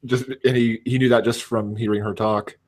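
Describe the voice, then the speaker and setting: A man's voice: fairly low pitch, little pitch movement, moderate pace, darkish tone. A man with a West Coast American accent chatting on a livestream, hesitant and full of fillers. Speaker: stream guest. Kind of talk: casual livestream chat.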